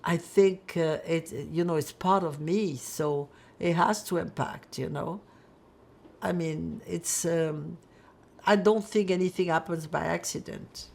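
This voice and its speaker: An older woman from France giving oral history testimony, reflective and halting, with many fillers as she searches for words. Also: on the low side, steady tone, vocal fry, a little mellow. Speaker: Holocaust survivor interviewee.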